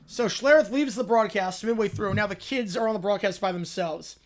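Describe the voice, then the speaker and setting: A man narrating comedy sports skits as the host, in a dry, low-key way. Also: fairly quick, few pauses.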